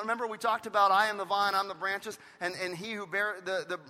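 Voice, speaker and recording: A man's voice: high-pitched, level tone, fast, few pauses, pushed and bright. A man pastor preaching a sermon emphatically, driving points home with repeated phrases. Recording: long reverb of a large hall.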